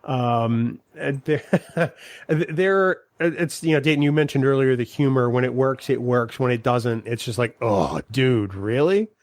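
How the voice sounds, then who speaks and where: A man's voice: medium pitch, dry recording, studio quality. A man co-hosting a podcast, teasing his friends and taking his time with many fillers. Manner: teasing, unhurried, filler-heavy. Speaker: podcast co-host. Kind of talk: casual podcast chat.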